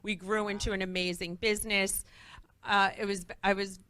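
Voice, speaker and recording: Bright-voiced woman telling lively stories. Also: medium pitch, moderate pace, smooth. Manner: lively, acts out quoted voices. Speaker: guest entrepreneur. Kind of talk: animated storytelling on a talk show.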